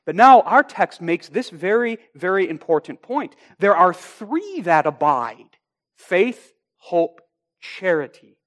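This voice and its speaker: Man, high voice, pastor, sermon, deliberate, emphatic. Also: very animated. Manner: deliberate, emphatic, with slow stressed phrases.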